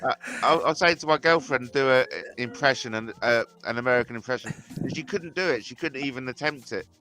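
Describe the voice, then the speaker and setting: A man's voice: medium pitch, a little fast, pushed and bright, rough recording. A man co-hosting a casual chat, giving brief agreeing replies and stumbling over his starts.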